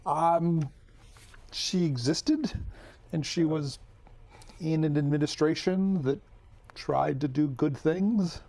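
A man's voice: fairly high pitch, slow, long pauses, mellow. A man who is a guest on a casual comedy chat show, making dry, sarcastic quips. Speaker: podcast guest.

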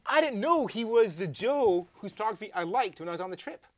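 A man's voice: high-pitched, expressive, brisk, no room sound. A young adult man with a Canadian accent, hosting a live comedy talk show and playfully reading viewer tweets aloud. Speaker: host.

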